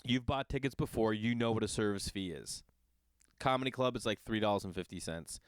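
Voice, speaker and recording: A man who is a father, hosting a podcast and telling a long casual story in an animated, exasperated and profane way. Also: fairly low pitch, a little fast, clear, resonant tone, no room sound. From Los Angeles area. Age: adult with children. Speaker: podcast host.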